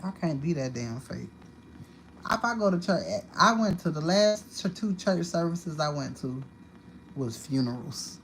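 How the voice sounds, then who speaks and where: Profane, animated woman livestreamer. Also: low voice, measured pace, a little hiss or hum. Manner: profane, animated storytelling with sudden loud outbursts. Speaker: livestream host. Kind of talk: casual livestream monologue.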